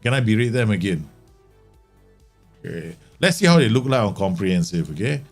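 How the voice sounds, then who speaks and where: Male game streamer, lowish voice, excitable live match commentary, faint background music. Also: moderate pace. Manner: animated, exclaiming and grumbling at the match. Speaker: streamer playing a football management game.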